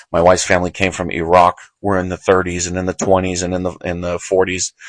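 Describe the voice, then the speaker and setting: A man's voice: low-pitched, a bit bright, dry recording, low-quality recording. A man hosting a show, giving heated, emphatic political commentary with frequent repetition. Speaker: show host.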